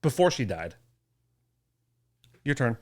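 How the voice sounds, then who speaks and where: A podcast co-host in casual chat, teasing and swearing freely with a deadpan edge. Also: mid-range voice, slow pace.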